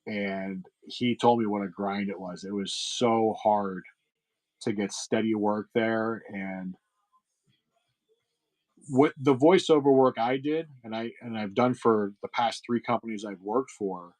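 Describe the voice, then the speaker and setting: A man's voice: fairly low pitch, a little slow, darkish tone, poor audio. A middle-aged man hosting a livestream sale, chatting casually with viewers, rambling with lots of fillers and restarts. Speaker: livestream seller host.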